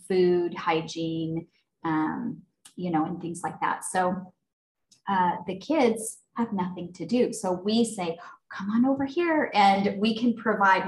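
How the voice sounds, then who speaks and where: A woman's voice: on the low side, roomy sound, a little hiss or hum, low-quality recording. A woman from Arizona, a podcast guest, talking in an earnest, casual way with many fillers and restarts. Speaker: podcast guest, nonprofit founder. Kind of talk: casual interview chat.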